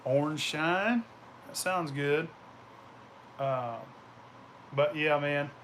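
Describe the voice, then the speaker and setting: A man's voice: fairly high pitch, extremely slow, a bit bright, slight background noise. A man vlogging casually, telling rambling, profane anecdotes and laughing as he goes. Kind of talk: casual storytelling.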